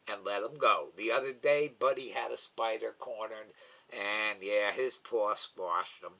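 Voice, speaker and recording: Reading his chat on a casual live cam stream, a middle-aged man speaks in a gravelly, mid-range voice that's bright and slightly forceful. He's slow and emotional, halting and repeating words, over dull, lo-fi audio.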